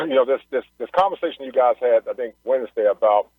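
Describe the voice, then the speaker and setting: A man calling in to a radio show, rushing through his words with a slightly husky voice. The call comes over a tinny phone line, and he leans on fillers as he lays out his thoughts. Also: mid-range voice, expressive, no echo. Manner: rapid, earnest, with fillers. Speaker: caller.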